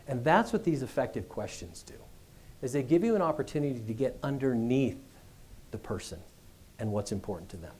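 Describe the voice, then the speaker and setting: A middle-aged man giving a business school address, telling stories in a conversational, animated way. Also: medium pitch, a little fast, slightly rough. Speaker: guest speaker.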